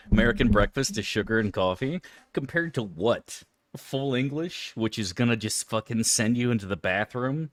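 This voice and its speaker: A man with a fairly low-pitched voice, recorded without echo, chats casually with viewers while streaming a game live. He swears a lot and complains in an exaggerated, chummy tone.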